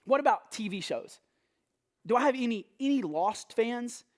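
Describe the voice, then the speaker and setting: A young man hosting a faith talk show, talking to the camera in an upbeat, animated way with quick restarts. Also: very high voice. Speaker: host. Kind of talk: energetic casual talk to camera.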